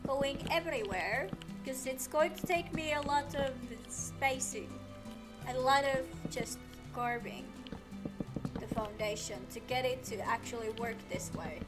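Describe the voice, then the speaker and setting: A woman's voice: high voice, takes it slowly. A woman streamer giving casual commentary while building in a game, talking to the game and repeating herself when it won't cooperate. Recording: game music playing underneath.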